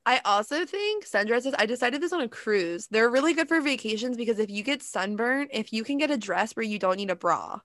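A chatty woman co-hosting a relaxed conversation, laughing easily as she talks. Her voice sits a little high. The sound is dry and close, with no room around it. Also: a little fast, few pauses, no echo. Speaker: podcast co-host. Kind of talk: casual chat.

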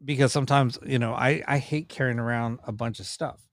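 A man who works as a paranormal investigator and cameraman tells stories in a podcast interview, animated and rambling with frequent restarts. His medium-pitched voice runs a little fast, captured in studio quality with no room sound.

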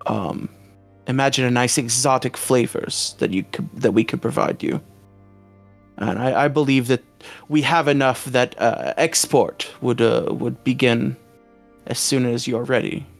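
A man's voice: mid-range voice, creaky, faint music behind. A man putting on a pompous foreign vampire count. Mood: persuasive. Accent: put-on foreign accent. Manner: stiff formal speech with hesitant pauses.

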